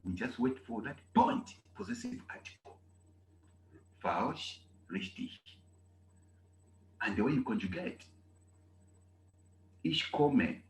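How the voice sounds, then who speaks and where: A man from Zambia, teaching a German class in an animated way and repeating key phrases. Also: mid-range voice. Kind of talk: online class lecture. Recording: echoey room with faint noise.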